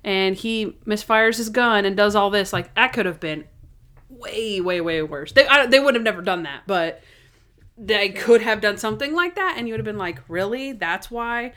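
A woman's voice: mid-range voice, lively intonation, normal speed, fairly bright tone. A young woman co-hosting a casual chat, recapping episodes in a chatty way. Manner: chatty, acts out scenes in voices.

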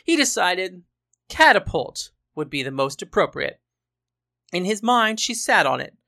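Woman storyteller, wry narration, bright and low-pitched.

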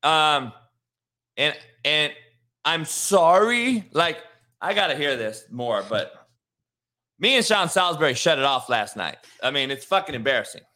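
Bright, animated, profane coach. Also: male voice, fairly high pitch, measured pace. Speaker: coach, co-host. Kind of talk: casual chat.

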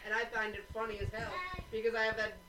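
A woman co-hosting a casual chat, profane and animated as she tells stories. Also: a little high, quick pace, background noise.

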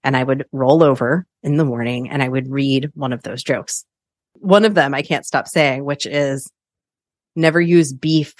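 A woman's voice: rumbling low, unhurried, no echo, studio quality. A woman hosting a solo podcast as a coach, talking in a chatty, upbeat way and laughing often.

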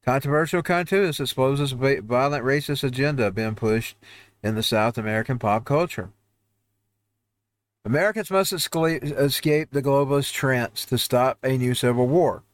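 A man's voice: mid-range voice, normal speed, no room sound. A man hosting a home-made show, ranting over news headlines in a heated, rambling way with frequent restarts. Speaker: host. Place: home newsroom studio.

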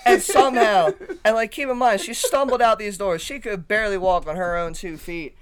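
A man co-hosting a casual podcast, telling a bar story in an animated, laughing way and swearing freely. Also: high-pitched, fairly quick. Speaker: podcast co-host.

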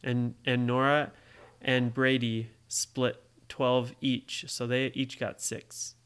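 A parent telling a made-up story to a child, pausing to ask the child questions. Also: medium pitch, flat delivery, a bit bright, smooth. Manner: slow, asks the listening child questions. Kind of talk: bedtime story told to a child.

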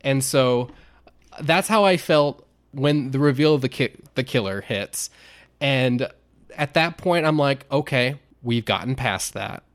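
A young man chatting on a podcast, animated as he retells a scene and acts out the quoted lines, sometimes jumping into shouts. His pitch sits in a middle range for a man, and his talk stays loose and conversational. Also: a little slow. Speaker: podcast co-host. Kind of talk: casual podcast chat.

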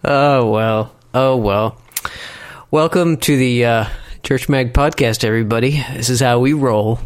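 A man's voice: medium pitch, measured pace. A man hosting a church tech podcast, chatting and teasing his co-hosts in casual banter. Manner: joking, teasing. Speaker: podcast host.

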